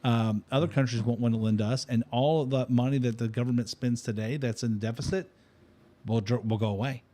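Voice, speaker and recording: Man, mid pitch, halting, explanatory host. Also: fairly even intonation, warm tone. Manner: halting, many restarts, explanatory. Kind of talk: casual studio talk.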